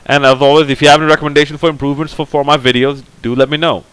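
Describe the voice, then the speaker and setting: A man's voice: on the high side, flat delivery, very fast, fairly bright tone, clear, resonant tone, low-quality recording. A man giving a casual, opinionated movie review, rambling and full of fillers. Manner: rambling, heavy on fillers like "like, you know"; blunt, opinionated. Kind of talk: casual film review monologue.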